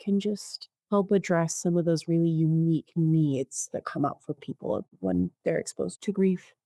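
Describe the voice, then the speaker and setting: Calm low-voiced woman therapist. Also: normal speed, gravelly, no room sound, clean studio sound. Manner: calm, explanatory, clinical. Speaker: therapist and podcast co-host. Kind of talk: podcast discussion.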